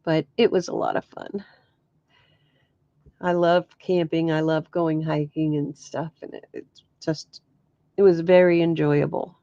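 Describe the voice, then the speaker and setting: Slow-talking chatty woman. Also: low-pitched, flat delivery, dark tone, no room sound, lo-fi sound. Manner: chatty storytelling with frequent laughs and "oh my gosh". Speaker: crafts vlogger. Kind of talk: casual chat.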